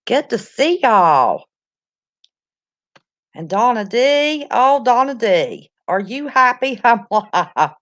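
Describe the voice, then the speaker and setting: A woman's voice: fairly high pitch, big pitch swings, slow pace, fairly bright tone. A woman, chatting casually on her livestream, greeting viewers by name and calling them honey. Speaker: livestream host. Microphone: no headphones, device mic.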